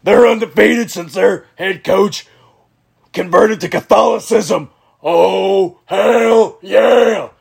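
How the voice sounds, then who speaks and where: A man putting on a brash, loud-mouthed Texan wrestler persona, shouting a promo-style rant. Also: high-pitched, takes it slowly, creaky, slightly rough, exaggerated voice. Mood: blustering. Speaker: podcast co-host.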